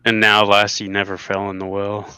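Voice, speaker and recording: A man in his thirties chatting casually as a co-host and reacting to clips, laid-back and quick to laugh. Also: fairly low pitch, monotone, bright, forceful tone, clear, resonant tone, dry recording. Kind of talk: casual chat.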